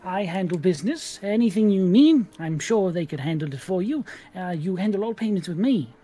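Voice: medium pitch, lively intonation, fairly quick, warm tone, lightly acted. A game master voicing a fussy gnome shopkeeper woman. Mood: businesslike. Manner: flustered, businesslike, apologetic.

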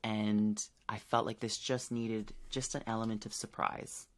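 A man's voice: on the low side, flat delivery, measured pace. A man co-hosting a podcast, chatting casually and laughing often. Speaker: podcast co-host. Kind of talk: casual chat.

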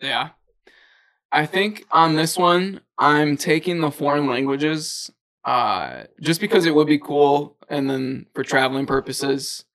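A young man with a slightly raised, gravelly voice trades casual podcast banter. He laughs often and stumbles over his restarts. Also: on the high side, takes it slowly, a bit bright, poor audio. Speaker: podcast co-host. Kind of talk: casual chat.

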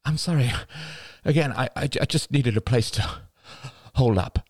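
A man reading an audiobook, voicing a flustered, frantic woman who talks in breathless, halting bursts. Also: medium pitch, darkish tone, breathy edge, no room sound, studio quality, pitched above the performer's own voice, close to an everyday voice. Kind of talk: audiobook character voice.

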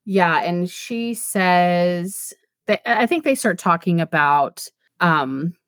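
A woman's voice: on the low side, animated, slow, a bit bright, dry recording. A woman co-hosting a casual book podcast, chatting and reading passages aloud. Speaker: podcast co-host.

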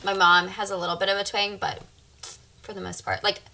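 Young woman guest, bright and forceful tone, casual chatty delivery, frequent laughs. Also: medium pitch, flat delivery, brisk, gravelly. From Alabama, USA. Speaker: podcast guest. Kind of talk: casual chat.

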